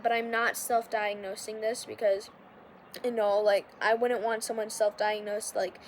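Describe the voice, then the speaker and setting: A woman's voice: mid-range voice, level tone, moderate pace, a little hiss or hum. A young woman hosting a podcast, talking casually and rambling with lots of filler words and restarts. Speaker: podcast host. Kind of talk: casual confessional monologue.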